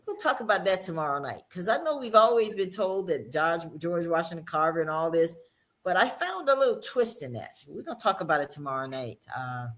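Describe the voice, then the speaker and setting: A woman from Alabama with a Southern accent, hosting a casual panel chat with lively, teasing, folksy talk. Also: on the low side, brisk. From Monroeville, Alabama. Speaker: show host.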